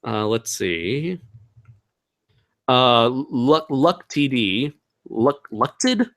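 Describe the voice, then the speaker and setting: A man's voice: medium pitch, big pitch swings, very slow, a bit bright. A young man hosting a casual livestream Q&A, rambling and laughing, with many fillers. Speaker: channel host.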